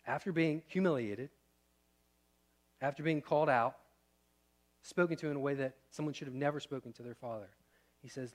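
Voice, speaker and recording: A thirty-something pastor uses a mid-range voice at a moderate pace and pauses often. He preaches conversationally, putting questions to the room and moving between loud and soft.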